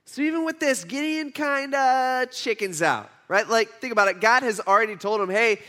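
High-voiced casual preacher. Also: male voice, moderate pace. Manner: casual, animated storytelling with many restarts. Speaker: pastor. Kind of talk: conversational sermon.

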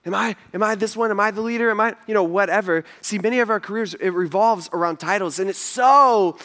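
A male pastor giving a sermon to his congregation, telling stories with casual asides and humor. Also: very high-pitched. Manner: animated storytelling with asides to the congregation. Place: church stage before a congregation.

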